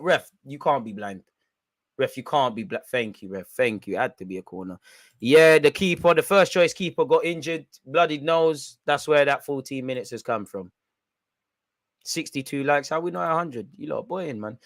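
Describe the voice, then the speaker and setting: A young man hosting a football watch-along, reacting loudly in slangy, shouty commentary. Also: medium pitch, normal speed, pauses often, no echo. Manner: excitable, shouty and slangy, chanting and yelling at the referee.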